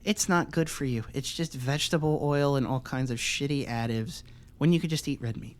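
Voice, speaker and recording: A man co-hosting a casual podcast, ranting loudly and swearing often as he talks. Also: medium pitch, a little fast. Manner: ranting, profane, animated. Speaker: podcast co-host.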